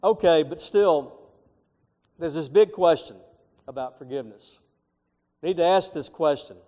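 Man, middle-aged pastor, sermon, emphatic, slightly high voice, long hall reverb. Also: measured pace, darkish tone. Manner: emphatic preaching with rising, swelling phrases.

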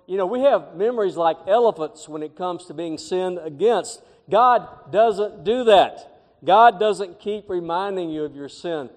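A man's voice: high-pitched, moderate pace, few pauses, darkish tone. A middle-aged man preaching a sermon as pastor, with emphatic, swelling phrases. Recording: long hall reverb.

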